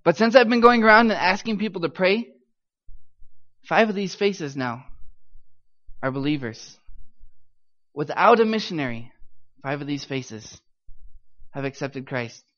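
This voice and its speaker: A young man from the United States speaks in a high voice, relating a church testimony with animated emphasis. The recording sounds dull and lo-fi, as if captured in a church hall. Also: measured pace, pauses often. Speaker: missionary speaker.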